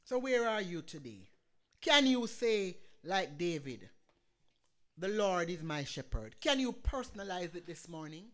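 A woman pastor preaching a sermon with passion, swinging between loud calls and hushed prayer. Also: on the low side, big pitch swings, unhurried.

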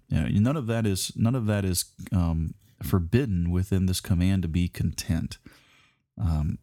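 A man with a very low, mellow voice teaches a Bible lesson like a sermon. He talks in a conversational, unhurried way, pausing on fillers and restarting his phrases. The sound is dry and close. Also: no echo. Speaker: preacher.

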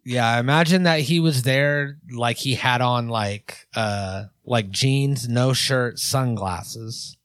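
A man's voice: medium pitch, takes it slowly, few pauses, fairly bright tone, dry recording, clean studio sound. A man co-hosting a podcast, rambling in a laid-back way with swearing. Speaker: podcast co-host. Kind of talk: casual chat.

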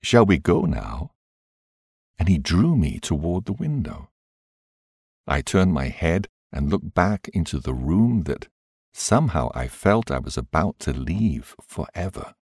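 A man narrating an audiobook in a measured, expressive reading. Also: sits low, husky, no room sound, clean studio sound.

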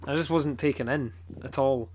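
A man's voice: medium pitch, moderate pace, darkish tone. Blunt rambling Scottish man. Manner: rambling, sweary, blunt complaints with many fillers. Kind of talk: casual chat.

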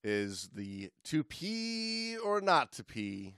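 Steady, relaxed male podcast co-host. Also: medium pitch, drawn-out words, smooth, no room sound, clean studio sound. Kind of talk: casual podcast chat.

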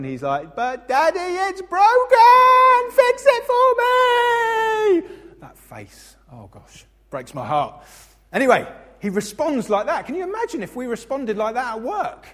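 Expressive pastor in a reverberant hall. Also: male voice, on the high side. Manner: expressive, acts out funny voices in anecdotes. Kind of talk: sermon.

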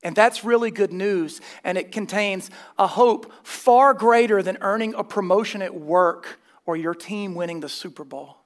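A man preaches a sermon in a high voice at a normal speed, with few pauses. He is emphatic and dryly scornful of false teaching, blending plain instruction with wry, humorous asides.

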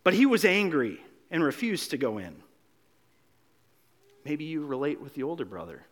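A pastor preaching a sermon, animated, acting out the quotes he reads and dropping from loud to hushed, often repeating words as he restarts. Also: fairly high pitch, normal speed, pauses often.

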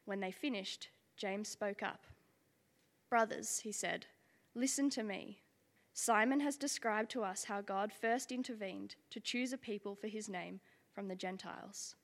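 A woman's voice: mid-range voice, a little slow. Woman reading scripture in a reverberant hall. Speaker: scripture reader. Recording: long reverb of a large hall.

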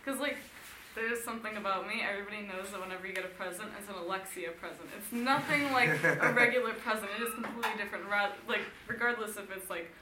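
A woman's voice: mid-range voice, quick pace. A young woman in casual group chat, talking in an enthusiastic, emphatic way. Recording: echoey room, faint noise.

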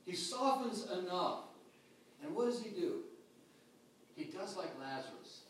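A pastor preaching a sermon with dynamic swings between loud calls and hushed, quiet lines. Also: male voice, high-pitched, expressive, unhurried, distant mic, a little hiss or hum. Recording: echoey hall picked up from afar.

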